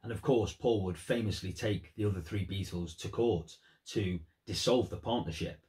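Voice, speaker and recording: A man's voice: deep voice, normal speed, a little mellow. A man giving earnest, thoughtful commentary on song lyrics in a vlog. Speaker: music vlogger.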